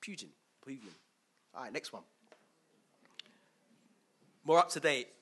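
A man's voice: a little high, animated, slow, a bit bright, slight background noise. A man preaching a chatty sermon, quizzing the congregation and chuckling often. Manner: chatty, asks the crowd questions, chuckles often. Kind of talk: conversational sermon with questions to the congregation.

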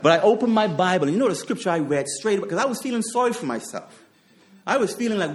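Preaching in a high-pitched, expressive voice at a fast clip, a man drives his points home by repeating them. Along the way come rhetorical questions and personal stories with chuckled asides.

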